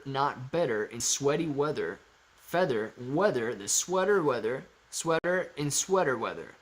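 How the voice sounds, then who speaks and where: A man with a fairly high, fairly bright voice hosts a casual livestream, reading viewer comments aloud and answering them playfully with jokes.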